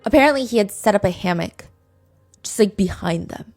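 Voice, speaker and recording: A woman hosting a true crime podcast, retelling a case in a chatty, casual way full of "like" fillers and quick asides. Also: medium pitch, expressive, a little mellow, faint music behind. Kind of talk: casual storytelling chat.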